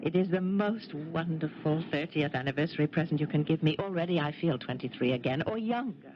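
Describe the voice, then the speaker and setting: A woman's voice: deep voice, expressive, a little fast. Casting: a French former resistance fighter, now a fond, teasing wife in her fifties. French accent. Old noisy lo-fi radio broadcast. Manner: teasing, affectionate. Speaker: lead actress. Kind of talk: 1970s radio drama acting.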